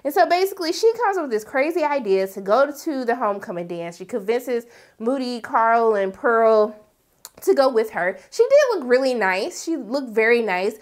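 A woman's voice: on the high side, expressive, moderate pace. A woman recapping a TV episode in a casual vlog, telling it with sassy, dramatic reactions. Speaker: TV recap vlogger.

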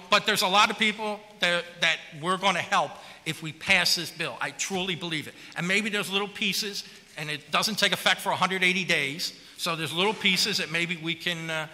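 A man's voice: sits high, bright, forceful tone, big-room sound. A city councilman giving an impassioned, plainspoken floor speech before a vote, pressing his case with repeated rhetorical questions into a podium microphone.

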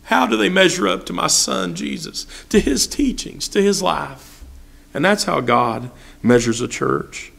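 A man's voice: a little high, measured pace, gravelly, a bit bright. A man preaching a sermon as pastor, asking repeated rhetorical questions and acting out the voices of people he quotes. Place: church sanctuary.

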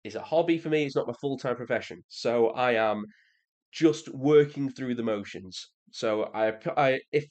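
A man's voice: moderate pace, a little mellow. Sarcastic young Englishman reacting. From England. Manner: sarcastic, swings into exasperated high-pitched rants. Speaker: reaction video creator. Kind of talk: casual reaction commentary.

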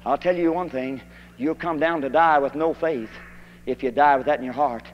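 A preacher from Kentucky, delivering a fiery old-time holiness sermon that rises to shouted emphasis. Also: male voice, a little high, normal speed, slight background noise. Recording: dull archival tape in a hall.

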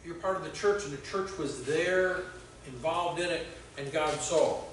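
A male pastor giving a conversational sermon, telling stories with halting restarts. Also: a little high, a bit bright, a little hiss or hum. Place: church sanctuary. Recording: very echoey church hall from far off.

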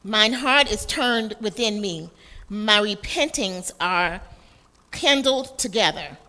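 Slow, bright-voiced woman reading scripture. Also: medium pitch, animated, long reverb tail. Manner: careful, deliberate reading of verses. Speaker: class member reading aloud.

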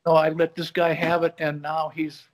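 A man's voice: a little high, brisk. A man guest on a video call from his home office, telling a story and acting out the quoted dialogue in it. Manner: animated, acts out quoted dialogue. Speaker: guest, bar magician. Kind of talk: conversational storytelling.

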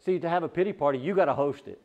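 A male pastor preaches a sermon, firing off loud rhetorical questions before dropping into quiet asides, often repeating and restarting words. His voice is a little high and rapid-fire, and the audio sounds narrow and tinny.

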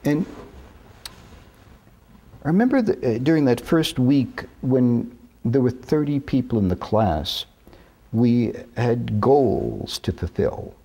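Brief: husky-voiced man, 60s, interview guest, lively, lowish, careful deliberate delivery. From New York. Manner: measured, deliberate, careful diction. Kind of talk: reminiscing interview talk.

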